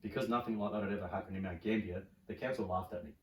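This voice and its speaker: Aussie bloke mid-40s-ish yarning fast, lowish voice, sounds roomy and a bit far off. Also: male voice, slight background noise. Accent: Australian. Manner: animated, swears freely, voices characters in stories. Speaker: podcast guest. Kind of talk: casual storytelling chat. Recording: roomy, from a distance.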